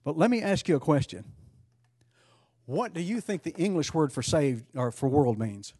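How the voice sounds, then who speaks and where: A man's voice: fairly high pitch, lively intonation, normal speed, warm tone, breathy edge. A man leading an interactive Bible study, speaking conversationally, asking the class questions and restarting phrases as he goes.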